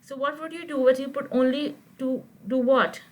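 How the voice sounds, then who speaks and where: A woman's voice: high voice, steady tone, moderate pace, rough recording. A woman teaching Quranic Arabic grammar in an online class, explaining step by step and often checking whether her students follow. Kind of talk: live online grammar lesson.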